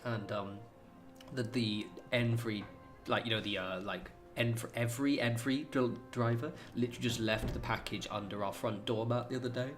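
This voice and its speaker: A man's voice: medium pitch, fairly even intonation, normal speed, over music. A man streaming a game, chatting casually in a rambling, sweary way with lots of fillers. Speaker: gaming streamer. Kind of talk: casual chat while playing.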